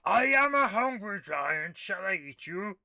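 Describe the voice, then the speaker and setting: A woman voicing a huge, hungry male giant from a retro computer game, speaking slowly. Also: mid-range voice, sing-song, gravelly, pushed and bright, no room sound, clean studio sound, pitched above the performer's own voice, full character voice. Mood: menacing.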